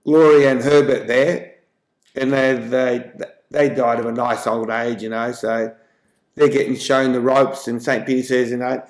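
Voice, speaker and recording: A man's voice: medium pitch, little pitch movement, measured pace. A man hosting a show and telling jokes in a chatty way, lightly mimicking the characters. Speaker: joke-telling host. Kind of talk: casual joke telling. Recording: echoey room.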